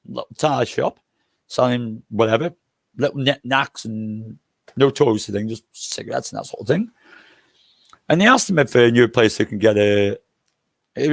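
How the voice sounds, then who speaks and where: An older man talks in a gravelly, mid-pitched voice, spinning loose, jokey travel stories peppered with swearing. The sound is dry and close, with no room behind him. He rambles casually, circling back on his own points. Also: no room sound. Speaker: livestream host.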